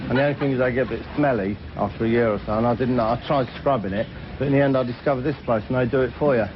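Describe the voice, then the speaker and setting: A man's voice: medium pitch, very fast. A man hosting a comedy show, spinning cheeky tall tales and talking straight to the audience. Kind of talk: stand-up monologue in character. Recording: muffled old TV recording with hiss.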